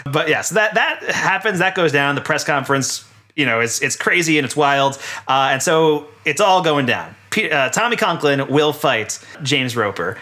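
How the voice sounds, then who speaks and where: A man's voice: a little high, animated, normal speed, pushed and bright. A man casually recapping a film on a podcast, rambling and laughing often. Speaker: podcast co-host. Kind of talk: casual movie recap chat.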